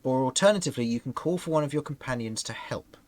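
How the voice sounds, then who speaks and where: A man's voice: medium pitch, animated, fast. A man narrating a tabletop game as game master, describing scenes and often laughing.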